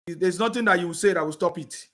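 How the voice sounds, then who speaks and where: A man rants in a combative, repetitive way, often checking that his listeners follow him. His voice sits high for a man and sounds bright and forceful. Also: fast talker. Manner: combative, repeats phrases, asks "you understand me?". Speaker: political commentator. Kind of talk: heated live-stream rant.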